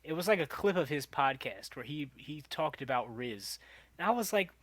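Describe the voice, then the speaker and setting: A young man co-hosting a podcast, chatting casually, animated and laughing often as he acts out quotes. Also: fairly high pitch, moderate pace, dry recording. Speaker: podcast co-host. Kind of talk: casual chat.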